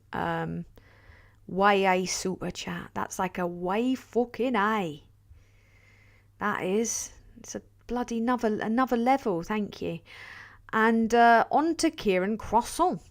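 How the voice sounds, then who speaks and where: A woman hosting a casual livestream and answering viewer questions, excitable and sweary, laughing often. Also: medium pitch. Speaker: livestream host.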